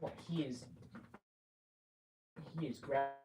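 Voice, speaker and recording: Very low-voiced Minnesotan woman streaming. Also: fairly even intonation, slow pace, over music. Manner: coos affectionately at her cat between chatty asides. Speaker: livestreamer. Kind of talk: casual livestream chat. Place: home room.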